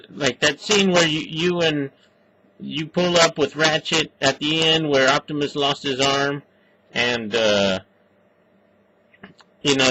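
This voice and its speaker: A man's voice: medium pitch, noisy background. A man reviewing a movie in casual, rambling chat, swearing often and stopping on lots of fillers. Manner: profane, halting, full of fillers.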